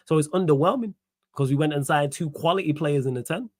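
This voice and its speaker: A man's voice: on the high side, fairly quick, darkish tone, dry recording. Young guy doing a football q&a stream, loose and slangy, dry close sound. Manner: casual, slangy, laughs and riffs while reading comments. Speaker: host. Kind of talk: solo football Q&A livestream.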